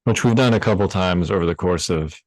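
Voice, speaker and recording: A man's voice: deep voice, brisk, dry recording. A man co-hosting a podcast in casual chat, easygoing and steering the conversation. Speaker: podcast co-host.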